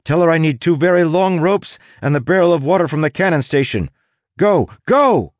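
A man voicing a young woman sailor who shouts urgent, commanding orders in a rush. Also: fairly high pitch, expressive, moderate pace, dry recording, pitched above the performer's own voice, natural voice. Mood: urgent shouting.

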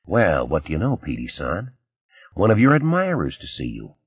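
A man's voice: low-pitched, huge pitch swings, moderate pace, husky, no echo, heavily acted. A man voicing a blunt, teasing male police lieutenant in an audiobook. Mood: brash teasing. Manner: brash, teasing. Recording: slightly dull, dry recording.

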